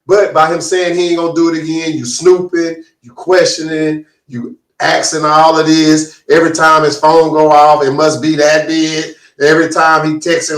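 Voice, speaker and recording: A man, co-hosting a talk show, arguing in a lively, playful way and acting out what people say. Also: fairly high pitch, normal speed. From Galveston, Texas. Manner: animated, playfully argumentative, acts out quotes. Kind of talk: casual panel debate. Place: studio room with distant camera. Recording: roomy sound, mic far off.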